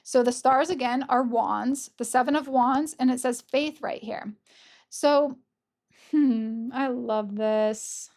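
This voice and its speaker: A woman doing a casual, gentle pick-a-card tarot reading, gushing over the cards and openly emotional. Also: a little high, fairly even intonation, takes it slowly. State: tearful at times. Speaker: tarot reader.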